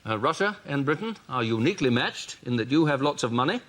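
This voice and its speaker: A man's voice: mid-range voice, sing-song, fast, a bit bright. A man doing an impression of a bumbling, flustered posh British prime minister in a comedy sketch, rambling politely, in a noisy recording. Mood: wheedling.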